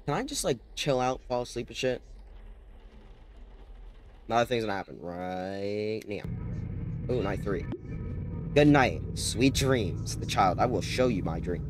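A young man hosting a horror game let's-play, muttering low and bursting into screamed, profane threats. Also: expressive, measured pace, pauses often, music in the background. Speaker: gaming channel host.

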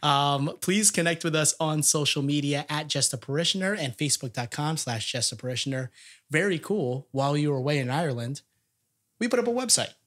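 A man's voice: a little high, expressive, brisk, a bit bright. A man hosting a casual podcast, upbeat and chatty, laughing often as he talks. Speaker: podcast host.

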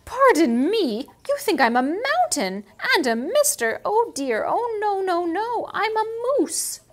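Woman reading as a fussy flustered moose, high and polite, storybook. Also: sing-song, unhurried, full character voice.

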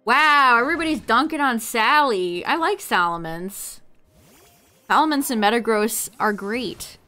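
A woman's voice: on the high side, animated, moderate pace, bright, forceful tone, faint music behind. A woman streaming a game and chatting casually with her viewers, laughing often. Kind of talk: casual live-stream chat.

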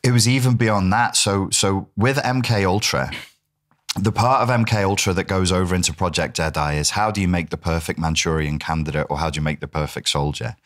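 A British man in his forties, a guest in a casual interview, telling animated stories, swearing freely and acting out quotes. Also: low voice, a little fast. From United Kingdom.

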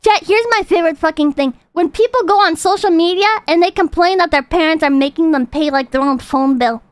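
Woman streamer, very high voice, profane and ranting, dry close sound. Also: a little fast, no echo. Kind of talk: casual livestream reaction and chat reading.

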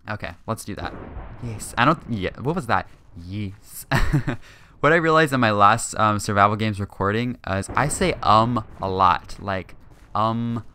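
A young man talking through his own game session in a chatty, hyper way, full of ums and quick laughs. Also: on the low side, pushed and bright, slight background noise. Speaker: gaming channel host. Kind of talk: gameplay commentary.

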